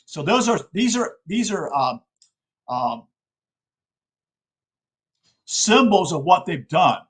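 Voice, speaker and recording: A man's voice: high-pitched, very animated, takes it slowly, fairly bright tone, husky, poor audio. A man from South Carolina giving an informal, earnest spoken lecture, often checking in with his listeners. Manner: earnest, addresses listeners as folks, frequent okay checks.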